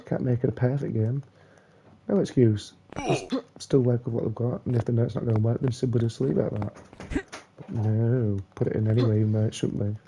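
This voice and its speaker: A young man swearing and ranting angrily while commenting on his own gameplay, muttering curses under his breath between louder complaints. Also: medium pitch, a little fast, gravelly, background noise. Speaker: gamer playing a platform game.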